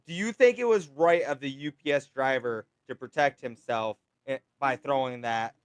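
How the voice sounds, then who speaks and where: A man co-hosting a casual podcast chat, retelling stories with lively acted quotes; he works as a delivery driver. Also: mid-range voice, normal speed, clear, resonant tone, no room sound. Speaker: podcast co-host.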